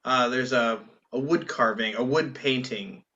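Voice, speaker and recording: A man's voice: mid-range voice, unhurried, pushed and bright, muffled recording. A man co-hosting a podcast in casual chat, talking hesitantly with many fillers. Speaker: podcast co-host.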